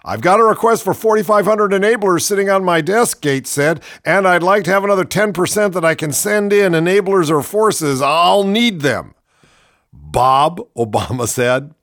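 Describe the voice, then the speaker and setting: A man's voice: high-pitched, lively intonation, normal speed, a bit bright, no echo. Male host reading a book aloud with sarcastic interjections, dry close sound. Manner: sarcastic, mocking asides.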